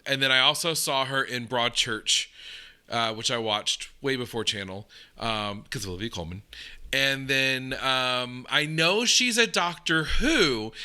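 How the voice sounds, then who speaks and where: A man's voice: mid-range voice, sharp tone, clean tone. An American man hosting a reaction video, chatting casually with lots of fillers and restarts. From United States. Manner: rambling, many fillers and restarts.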